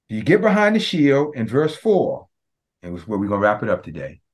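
A man, a pastor preaching a sermon, who prays in a hushed voice and then preaches with passion, often calling out to his congregation. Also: on the low side, huge pitch swings, a little fast. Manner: impassioned preaching that turns to the congregation; hushed, prayerful delivery.

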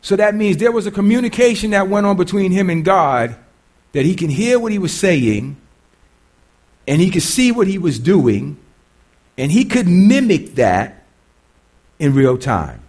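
A male preacher delivers a conversational sermon, stopping often to question his listeners. His voice is high for a man and swings widely in pitch. He often restarts and repeats his words as he talks it through. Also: very animated, a little slow, pauses often, darkish tone. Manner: conversational, quizzes the congregation, repeats himself.

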